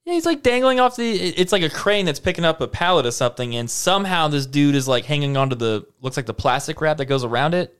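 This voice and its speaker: A man casually chatting and reacting to online videos with a co-host, blunt and quick to swear. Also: on the high side, animated, fairly bright tone, smooth.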